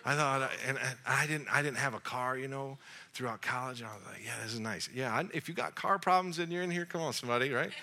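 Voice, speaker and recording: A man in his forties, with a mid-range voice and a fast delivery, preaches to young adults with slight background noise behind him. He's an animated, jokey storyteller, telling a story and acting out the dialogue in a storytelling sermon.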